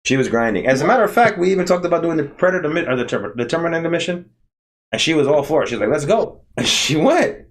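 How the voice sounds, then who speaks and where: A man's voice: fairly high pitch, lively intonation, quick pace. A man hosting a casual podcast chat, rambling and repeating himself with many fillers. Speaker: podcast host.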